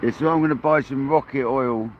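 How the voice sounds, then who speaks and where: Out on a kayak along the coast, an English angler livestreams and talks easily with his audience, addressing them as buddy and mate. He speaks fairly quickly in a mid-range voice, and the sound is lo-fi with a noisy background.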